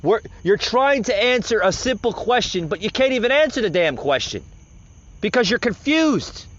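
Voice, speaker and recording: A man's voice: sits high, sing-song, moderate pace, fairly bright tone, a little hiss or hum. A man hosting a podcast, delivering heated, rambling and sarcastic political commentary. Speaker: podcast host. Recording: dull lo-fi recording.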